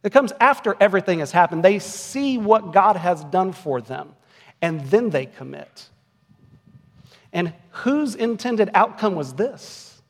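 A man in his forties preaching a sermon as pastor, earnest and building to emphatic peaks. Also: high voice. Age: 40s. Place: church sanctuary. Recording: long reverb of a church hall.

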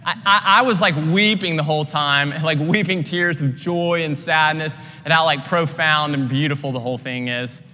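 A man's voice: fairly high pitch, steady tone, normal speed, few pauses, bright, forceful tone, big-room sound. A young man preaching a sermon as pastor, earnest and conversational with many casual "like" fillers.

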